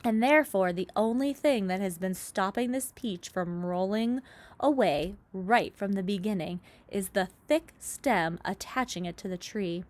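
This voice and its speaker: A woman voicing a kind, gentle, motherly ladybug in a storybook reading. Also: mid-range voice, unhurried, natural voice. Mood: kindly. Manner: warm, reassuring.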